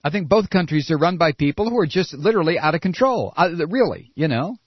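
A male talk radio host rants in an indignant, mocking tone. His voice sits high and swings widely in pitch. The sound is dull and dry, with no room around it. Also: sing-song, quick pace, slightly rough, no room sound. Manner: indignant, sarcastic, mocking impressions. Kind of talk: ranting political commentary.

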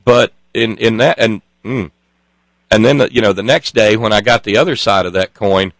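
Give me a man telling a story in a casual chat, halting and restarting, with a dry sound. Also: on the low side, creaky, fairly bright tone, no echo, rough recording. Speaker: co-host.

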